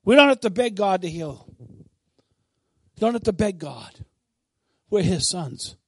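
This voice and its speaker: A man preaching a sermon who swings between bold, emphatic declarations and quiet, chatty asides to his listeners. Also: sits high, very animated, slow pace, husky, dry recording.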